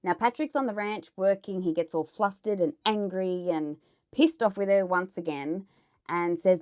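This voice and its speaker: A woman's voice: lowish voice, normal speed, a little mellow, clear, resonant tone. An Australian woman telling a true crime story in a casual, chatty way, blunt and swearing as she editorialises.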